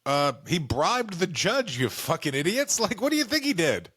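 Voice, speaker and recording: A man's voice: sits high, big pitch swings, moderate pace, fairly bright tone, breathy edge. A male comedian co-hosting a podcast, telling stories animatedly with swearing and mock voices. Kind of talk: casual comedic chat.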